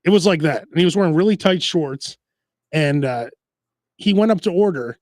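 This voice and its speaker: A man's voice: a little high, expressive, moderate pace, a little mellow, no echo, clean studio sound. A man hosting a casual food podcast, telling rambling stories and mimicking voices. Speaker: podcast host. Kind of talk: casual chat.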